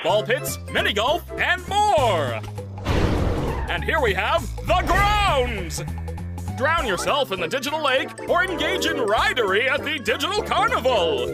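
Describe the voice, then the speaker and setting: A man voicing a flamboyant male AI ringmaster in an animated series, talking like a theatrical showman. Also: very high-pitched, measured pace, loud music behind the voice, exaggerated voice. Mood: cheery showman. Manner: theatrical showman, bouncy and grandiose.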